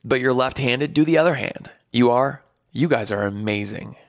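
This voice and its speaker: A man's voice: mid-range voice, normal speed, no echo, studio quality. A man hosting a live stream, joking with viewers, then hyping them up like a playful drill sergeant and counting out numbers. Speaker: livestream host.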